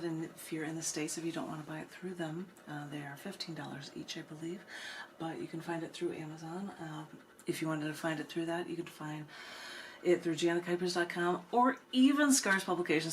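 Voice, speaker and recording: Low-voiced chatty woman poet. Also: a little hiss or hum. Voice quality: chatty, conversational, easygoing. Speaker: poet hosting an open mic reading. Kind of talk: poetry reading with casual chat.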